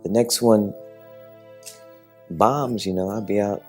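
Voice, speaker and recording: A low-voiced man answers questions on a talk show. He sounds wry and amused as he speaks. Faint music plays underneath. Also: steady tone, takes it slowly. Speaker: filmmaker interviewed.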